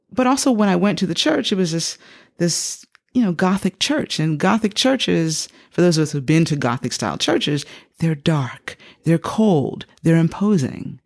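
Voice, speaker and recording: A woman in her fifties tells her story to an interviewer, with a voice that swings widely in pitch. There is a gravelly edge underneath. She jumps into the voices of the people she quotes. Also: moderate pace. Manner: animated, acts out quoted speech with big pitch jumps. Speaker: psychotherapist guest.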